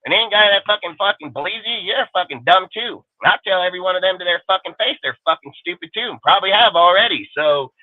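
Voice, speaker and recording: A man's voice: sits high, animated, quick pace, few pauses, dry recording. Angry, profane man ranting on a tinny line. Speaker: host of a fan livestream. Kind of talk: profane ranting livestream talk. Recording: dry, phone-like narrow sound.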